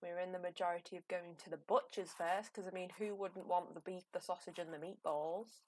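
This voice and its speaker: A woman's voice: fairly low pitch, steady tone, a little fast, a little mellow. A young woman, chatting and rambling with a giggle while she streams a game. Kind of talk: casual live game commentary.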